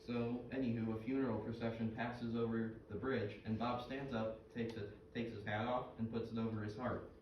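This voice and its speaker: A man's voice: medium pitch, flat delivery, normal speed, muffled recording, natural voice. An actor playing Mike, a chatty middle-aged fisherman who tells jokes and fish trivia in a comedy skit. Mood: storytelling. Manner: folksy, joke-telling, full of trivia. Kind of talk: scripted comedic dialogue. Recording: roomy, distant, noisy stage recording.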